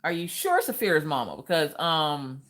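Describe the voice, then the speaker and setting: A woman hosts a relaxed craft livestream, chatting with her viewers. Her voice sits a little low but leaps up and down with big, animated reactions. She jokes and laughs easily as she reads their comments aloud. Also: normal speed. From Pennsylvania. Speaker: livestream host. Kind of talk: casual livestream chat reading comments.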